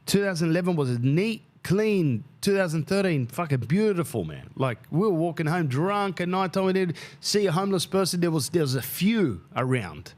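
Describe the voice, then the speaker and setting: Animated man telling a story. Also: a little high, normal speed, hardly any pauses. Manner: animated, swears freely, acts out quoted people. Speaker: podcast host. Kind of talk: casual storytelling monologue.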